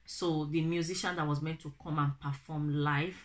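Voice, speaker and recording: A young Nigerian woman with a Nigerian accent, telling a family story to her viewers, animated and acting out the people she quotes. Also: deep voice, normal speed. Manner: animated, acts out quoted family members in raised voices. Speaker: vlogger. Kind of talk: casual storytelling to camera.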